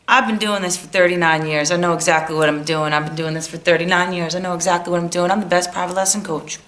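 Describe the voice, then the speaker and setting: A woman's voice: fairly low pitch, steady tone, fast talker, fairly bright tone, natural voice. A woman acting out a boastful veteran coach with a put-on accent, bragging about decades of experience. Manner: bragging, repeating years of experience. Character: boastful veteran coach set in their ways.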